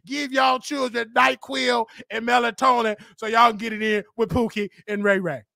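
A man hosting a call-in talk show, teasing and confronting callers and often bursting into shouts. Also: very high voice, little pitch movement, normal speed, creaky, dry recording, clean studio sound.

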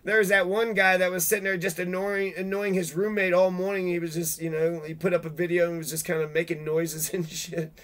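High-voiced, sharp-toned man ranting angrily. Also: flat delivery, brisk, few pauses. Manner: angry, swearing heavily, loud outbursts. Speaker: video blogger reading legal rules. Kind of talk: profane ranting monologue.

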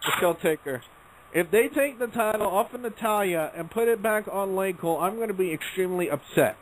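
A man's voice: high-pitched, brisk, noisy background. A man hosting an internet radio talk show, emphatic, calling on each panelist in turn. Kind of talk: casual wrestling talk show.

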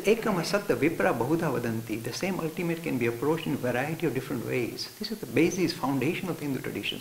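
A man giving a lively storytelling lecture to an audience and acting out the characters in his stories. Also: a little high, creaky. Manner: animated, acts out characters. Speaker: religious studies lecturer. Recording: roomy hall with faint hiss.

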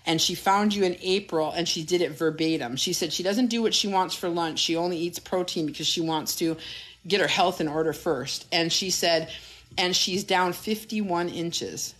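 A woman's voice: on the low side, moderate pace. A middle-aged woman coaching and telling stories on a phone live stream, blunt and profane. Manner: blunt, profane, animated storyteller. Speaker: health coach. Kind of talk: casual TikTok live chat.

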